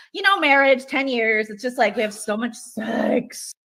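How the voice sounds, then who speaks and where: A woman hosting a livestream, joking loudly and crudely with her viewers. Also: fairly high pitch, expressive, unhurried. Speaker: livestream host. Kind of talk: livestream chat.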